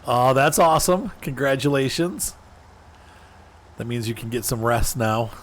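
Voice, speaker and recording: A man's voice: medium pitch, expressive, a little slow, fairly bright tone. A man streaming a driving game, chatting casually and answering viewers in chat by name as he plays. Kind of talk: casual gameplay commentary.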